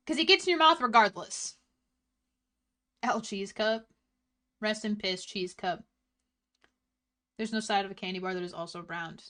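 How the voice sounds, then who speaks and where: A woman streamer in casual chat, ranting with heat and swearing, swinging between loud outbursts and low mutters. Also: unhurried, long pauses. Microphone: desk mic.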